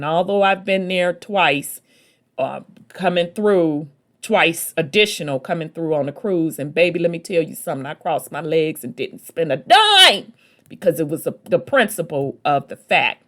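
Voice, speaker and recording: A woman's voice: deep voice, a bit bright. A woman hosting a podcast, telling a story in a chatty, folksy way and calling her listeners baby and y'all. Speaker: podcast host. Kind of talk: casual storytelling talk.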